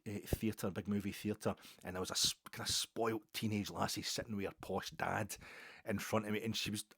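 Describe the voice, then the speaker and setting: A man's voice: on the low side, no echo, clean studio sound. A man with a Glaswegian Scottish accent, hosting a football podcast and telling rambling, self-mocking stories in casual chat. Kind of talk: casual monologue.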